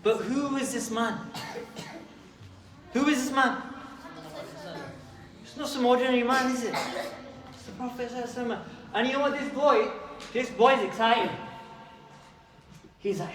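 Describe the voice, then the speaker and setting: A man giving a lively talk to children at a mosque, acting out little dialogues and asking them questions. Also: extremely high pitch, moderate pace, pauses often, a crowd in the background. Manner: playful, acts out dialogues, asks the kids questions. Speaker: youth speaker at a mosque. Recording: echoey hall, mic from a distance, audience noise.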